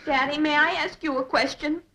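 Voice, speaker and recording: An earnest, emotional teenage daughter who pleads on behalf of her friend. Her voice is high and bright, in 1950s sitcom fashion. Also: steady tone, brisk, slight background noise.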